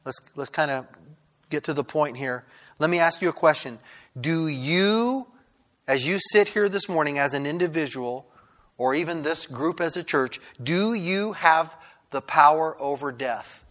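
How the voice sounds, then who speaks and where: A male pastor delivers a sermon in a bright, forceful voice pitched a little high. He often stumbles and restarts his phrases. At times he climbs into loud, fervent preaching. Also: animated, a little slow. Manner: preaching with many restarts, rising to loud fervor.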